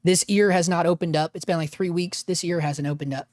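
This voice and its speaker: A man hosting a casual livestream, rambling with restarts and dropping "man" and "dude", his voice gravelly after an illness. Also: fairly high pitch, steady tone, a little fast, no echo. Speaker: livestream host and freelance videographer.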